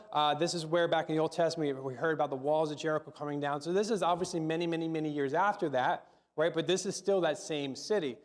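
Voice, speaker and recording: A middle-aged male pastor gives a sermon in a relaxed, conversational manner. His voice sits a little higher than most men's. He stumbles over and repeats words and keeps asking the room questions.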